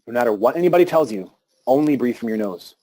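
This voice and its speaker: A man giving a live talk to an audience about meditation and breathing, speaking calmly with pauses and restarts. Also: medium pitch.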